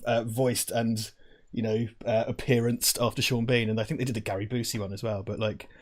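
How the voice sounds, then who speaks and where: Man, middle pitch, casual rambling chat, stream co-host, lapel mic. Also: little pitch movement, brisk. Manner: rambling, laughing, self-interrupting. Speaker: co-host of a movie watch-party stream. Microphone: lavalier.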